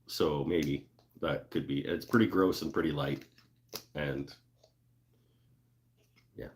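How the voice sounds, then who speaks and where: A man with a very low voice hosts a casual livestream from his woodworking shop. He talks in a loose, joking way, full of fillers and asides to viewers. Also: steady tone, takes it slowly. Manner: laid-back, joking, lots of fillers and laughs. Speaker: livestream host. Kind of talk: casual livestream chat reading viewer comments.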